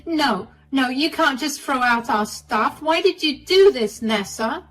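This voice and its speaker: A woman putting on a shrill, entitled sister. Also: expressive, a little slow, recorded from a distance, faint music behind, poor audio. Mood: indignant.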